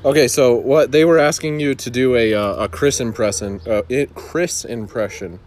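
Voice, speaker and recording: A man co-hosting a casual chat, asking questions in a halting way full of fillers and restarts. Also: mid-range voice, darkish tone, slight background noise. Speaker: co-host.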